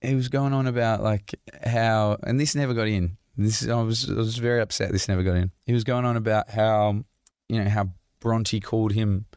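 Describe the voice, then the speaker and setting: Male podcast host, lowish voice, dry close sound, loose jokey delivery. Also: fairly even intonation, moderate pace, a little mellow, smooth, no echo. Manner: jokey, rambling, laughs often. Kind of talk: casual Q&A chat.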